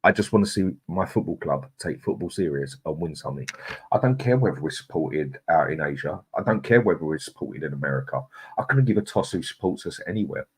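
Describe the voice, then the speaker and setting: A man's voice: very deep voice, expressive, brisk, slightly rough. A man hosting a live football stream, ranting angrily and swearing, then reading out and greeting viewers in the chat by name. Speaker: host.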